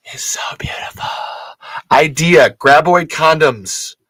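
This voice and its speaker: A man's voice: lively intonation, a little slow, bright, forceful tone, no echo. A man hosting a casual livestream, rambling and joking with his viewers. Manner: rambling, jokey, swings into high squeals. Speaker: podcast host.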